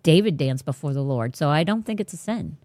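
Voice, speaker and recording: A woman's voice: deep voice, lively intonation, a little fast, a little mellow, no echo, studio quality. A woman hosting a faith podcast, talking casually but bluntly and emphatically. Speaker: podcast host.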